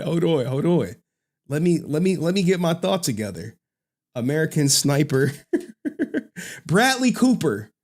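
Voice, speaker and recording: Man, live-stream host, casual rambling talk, frequent laughs, slightly high voice. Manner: rambling, laughing often, searching for words. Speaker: livestream host.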